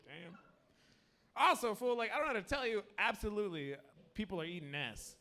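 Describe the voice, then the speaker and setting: A man's voice: high-pitched, animated, brisk, sharp tone. A man doing a crude, rambling open-mic stand-up set on stage with a handheld mic, a little drunk, often cutting himself off mid-sentence. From United States. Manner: crude, rambling, self-interrupting. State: tipsy. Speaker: stand-up comedian.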